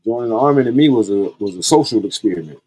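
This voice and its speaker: A man's voice: fairly low pitch, lively intonation, quick pace, dark tone, slight background noise. A man hosting a podcast, telling stories in a blunt, profane, laid-back way. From Columbia, South Carolina. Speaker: podcast host. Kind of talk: casual storytelling monologue.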